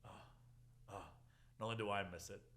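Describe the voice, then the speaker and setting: His voice fairly low and his pace brisk, a young man hosts a casual podcast. He spins lively stories, acting out quotes and laughing frequently.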